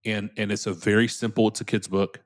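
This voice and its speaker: A man with a fairly low voice talks candidly as an interview guest. He is earnest and unpolished, and he often restarts and repeats his words as he gathers his thoughts. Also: little pitch movement, brisk. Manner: earnest, repeats words when starting sentences.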